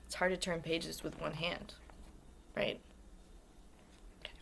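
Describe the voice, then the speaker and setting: Reading a picture book to young kids, this elementary guidance teacher speaks slowly in a low, level, gravelly voice over slight background noise. She stays warm and encouraging and asks the children questions.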